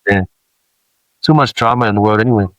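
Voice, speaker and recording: A low-pitched man from Samoa speaks as a podcast guest, earnest and reflective, circling back and restarting his thoughts. The sound is close and dry, with no room around it. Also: a little fast, fairly bright tone, no room sound, rough recording. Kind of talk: candid podcast conversation.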